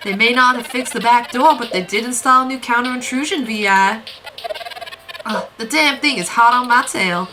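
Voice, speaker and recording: A woman's voice: fairly high pitch, lively intonation, fairly quick, noisy background, natural voice. A woman voicing a folksy hacker with a put-on, wobbly country drawl and homespun sayings. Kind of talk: voicing game dialogue while playing. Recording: game music behind.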